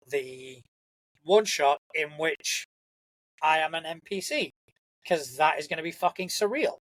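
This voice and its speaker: A man's voice: a little high, fairly bright tone, dry recording, low-quality recording. A young man hosting a casual solo podcast, rambling and enthusiastic, swearing freely. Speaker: podcast host.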